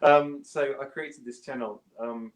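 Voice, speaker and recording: Man, British accent, chatty, self-deprecating, middle pitch, roomy echo, home studio, video call. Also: steady tone, unhurried. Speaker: guest bass player and gear reviewer. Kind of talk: casual interview chat.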